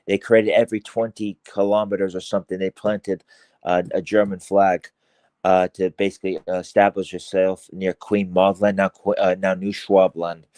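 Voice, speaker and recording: An Irish man talking as a podcast guest in casual chat, rambling with heavy swearing, halting restarts and fillers. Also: lowish voice, darkish tone, dry recording.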